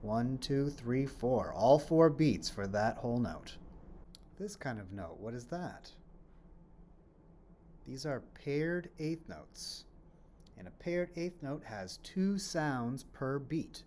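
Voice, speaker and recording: A man's voice: mid-range voice, sing-song, takes it slowly, darkish tone, slight background noise. A man teaching a children's music lesson on rhythms, explaining patiently, asking questions and then answering them, and chanting rhythm syllables as he claps.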